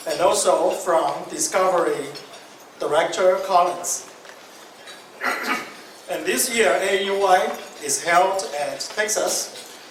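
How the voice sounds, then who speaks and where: A man speaking as a guest speaker at an awards ceremony, reading a prepared letter. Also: high-pitched. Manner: reads from a prepared letter, light joking asides. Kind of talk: formal ceremony speech. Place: large banquet hall. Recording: echoey banquet hall, distant mic, noisy.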